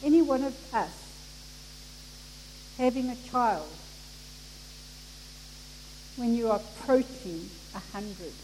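A woman preaching a sermon, acting out the people in the story with expressive delivery. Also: a little high, slow pace, pauses often. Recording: echoey hall with faint noise.

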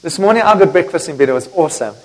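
A man's voice: on the high side, lively intonation, very fast, a little mellow. A middle-aged man, a pastor preaching a candid, emotional sermon. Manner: candid, emotional, repeats himself. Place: church sanctuary. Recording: long church reverb.

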